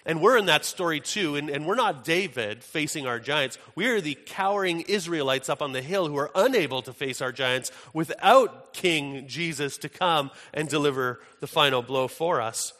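Male pastor, conversational sermon, bright tone, long hall reverb. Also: a little high, animated, moderate pace, hardly any pauses. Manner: conversational storytelling with fillers and restarts.

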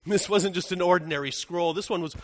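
A man playing the apostle John as an older man in a first-person dramatic monologue, earnest, moving between hushed and urgent. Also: high voice, a little fast, lightly acted. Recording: echoey hall with long reverb.

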